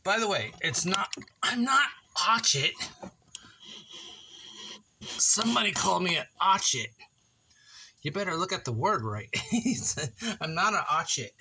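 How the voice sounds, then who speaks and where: Casual vlogger, man, very bright and animated, chatty and self-mocking, faint hiss behind. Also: high voice. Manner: playful, chatty, laughs at himself, talks to viewers by name. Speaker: woodworking vlogger. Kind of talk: casual chat to viewers while building. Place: kitchen table, indoors.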